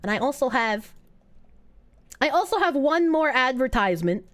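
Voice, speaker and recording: A woman's voice: high-pitched, big pitch swings, moderate pace, a bit bright. A woman streaming live, reacting in a sarcastic, incredulous and profane way with frequent laughs. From United States. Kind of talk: casual livestream reaction.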